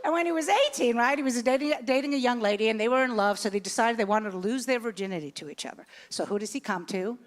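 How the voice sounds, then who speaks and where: A woman's voice: a little high, fast talker, hardly any pauses. A woman in her sixties doing a stand-up comedy set, telling stories animatedly and voicing the people in them. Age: 60s. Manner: animated storytelling with voiced characters. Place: comedy club stage. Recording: live club recording with background noise.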